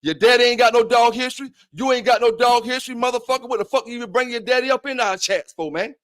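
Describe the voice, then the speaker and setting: Man, very high voice, profane taunting livestream host. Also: fast talker, fairly bright tone. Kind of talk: heated livestream trash talk.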